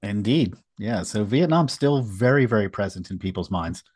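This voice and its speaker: Co-host, male, low husky voice, wry and sarcastic, recaps comics in casual chat. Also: animated, normal speed, a little mellow, no echo, clean studio sound. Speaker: podcast co-host. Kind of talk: casual comic book discussion.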